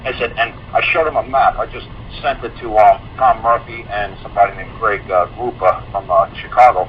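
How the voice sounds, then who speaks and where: A man on a call-in show telling a long story in a rambling, animated way, with many fillers and restarts. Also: fairly low pitch, brisk. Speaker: guest. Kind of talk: casual call-in chat. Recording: muffled online call audio with faint hiss.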